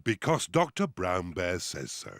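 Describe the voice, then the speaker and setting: A man's voice: low-pitched, huge pitch swings, unhurried, fairly bright tone, no room sound, clean studio sound, exaggerated voice. An actor voicing a jolly, easygoing father pig in a children's cartoon.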